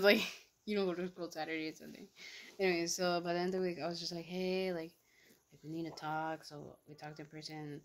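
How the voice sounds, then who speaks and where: Slangy young woman storyteller. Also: on the low side. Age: young adult. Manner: casual, slangy, full of fillers. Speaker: vlogger. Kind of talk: casual storytelling mukbang.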